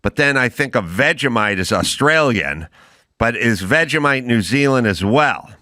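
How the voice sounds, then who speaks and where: A man's voice: medium pitch, expressive, normal speed, sharp tone, no room sound, studio quality. A man hosting a casual chat, asking questions in a jokey, self-deprecating way. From United States. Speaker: podcast host.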